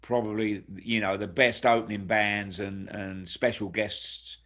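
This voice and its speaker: A man's voice: on the low side, level tone, unhurried, a bit bright. An older man, a touring rock drummer, chatting casually and rambling on a video call with many restarts. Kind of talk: casual chat.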